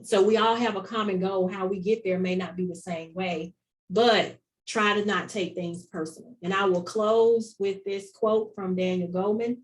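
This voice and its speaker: A woman's voice: mid-range voice, steady tone, normal speed, distant mic, low-quality recording. A woman with a Southern US accent giving an online conference presentation, earnest and repeating key phrases for emphasis. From North Carolina. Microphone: video call.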